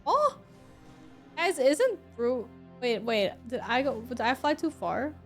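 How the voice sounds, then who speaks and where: Chatty streamer woman with a bright voice. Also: high-pitched, very animated, takes it slowly, faint music behind. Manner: chatty, laughs often, swears. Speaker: game streamer. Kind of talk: casual gameplay commentary.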